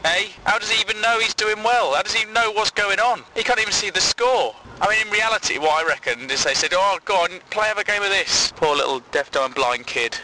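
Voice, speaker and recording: A man's voice: on the high side, bright, forceful tone, a little hiss or hum, poor audio. A young man delivering a sweary, sarcastic comic rant full of exasperation. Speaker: vlogger.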